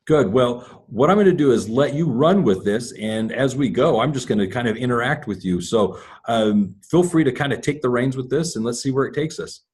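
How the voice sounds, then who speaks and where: Husky man hosting a casual interview. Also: mid-range voice, normal speed, few pauses. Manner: relaxed, joking. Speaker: podcast host.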